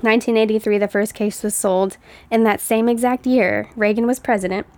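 A woman's voice: mid-range voice, fairly even intonation, a little fast, a little mellow, dry recording. A woman co-hosting a casual chat, telling stories in a chatty way and laughing often. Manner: giggly, chatty storyteller. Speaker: co-host.

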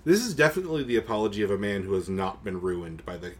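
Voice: low voice, fast talker. A podcast co-host throwing in dry, sarcastic comments during a book reading. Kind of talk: comedic commentary.

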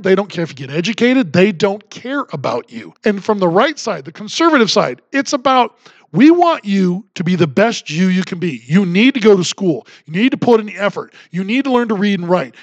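A male podcast host delivers political commentary in a high-pitched voice, pushing his points emphatically with a combative, sarcastic edge. The audio sounds dull but has no echo.

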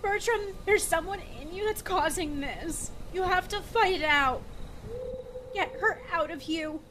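Woman voicing a grieving young adventurer, pleading, desperate, high voice, noisy recording. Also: measured pace.

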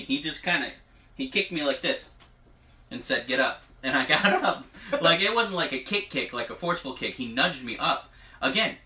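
Bright-voiced man preaching in an echoey room. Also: a little high. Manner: chatty, laughs often, grows emotional and hushed. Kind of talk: informal prophetic teaching with scripture reading. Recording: echoey room, mic at a distance.

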